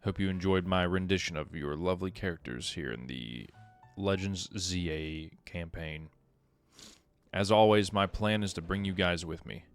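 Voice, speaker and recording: A man's voice: low-pitched, moderate pace, clean tone, faint music behind. A man casually narrating his video game playthrough with wry, joking asides. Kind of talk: let's play commentary.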